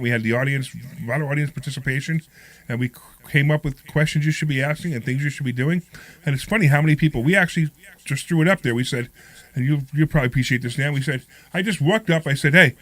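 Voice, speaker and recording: A man's voice: fairly high pitch, fairly bright tone, no room sound, rough recording. A male talk radio host who has a cold, chatting energetically with co-hosts and reading out the phone number.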